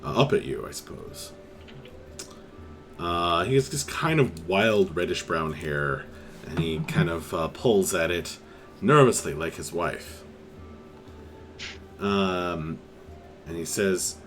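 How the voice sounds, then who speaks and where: A man narrating as game master of a tabletop game, unhurried, with many pauses and restarts. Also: low-pitched, a bit bright, faint music behind. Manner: unhurried, lots of fillers and restarts.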